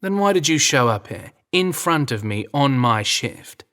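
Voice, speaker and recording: A man's voice: medium pitch, very animated, unhurried, a bit bright, clear, resonant tone, pitched above the performer's own voice. A man with an English accent voicing a dry, teasing young royal guard in an audio drama reading. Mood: wry. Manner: wry, dry humour.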